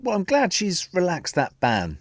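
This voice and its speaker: Animated, teasing man co-host. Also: high voice, moderate pace, no room sound, clean studio sound. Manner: playful teasing, animated delivery. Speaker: sports show co-host. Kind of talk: casual sports chat.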